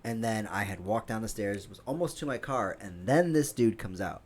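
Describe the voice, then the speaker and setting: A man's voice: on the low side, normal speed. A man co-hosting a casual comedy podcast, telling a rambling story and laughing often. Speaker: podcast co-host. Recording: faint noise, home studio.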